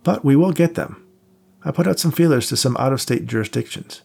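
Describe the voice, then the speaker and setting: A man's voice: mid-range voice, animated, a little fast, gravelly, darkish tone, husky, pitched above the performer's own voice. A man voicing a cocky, wisecracking male cop buddy in an audiobook, teasing and joking, raised above his own voice. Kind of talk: audiobook character voice.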